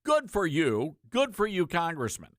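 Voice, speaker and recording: A man's voice: on the high side, huge pitch swings, normal speed, a bit bright, no echo, clean studio sound. A man hosting a talk radio show, with a folksy, sarcastic way of talking. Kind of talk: conservative talk radio commentary.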